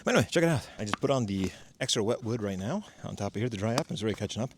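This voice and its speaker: A man with a lowish voice talks loosely and swears freely while he works a fire outdoors, explaining each step as he goes. He pokes fun at himself and sounds a little stuffy from a cold. The camera mic picks up faint background noise. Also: racing. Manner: chatty, profane, self-mocking, explains as he works. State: has a cold. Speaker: DIY homestead vlogger. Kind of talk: casual outdoor tutorial vlog. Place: outdoors at a fire pit in a valley.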